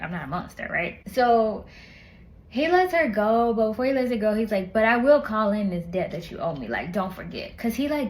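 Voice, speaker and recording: A woman reviewing a book in casual, animated chat, retelling the plot with slang and lots of asides. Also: medium pitch, poor audio.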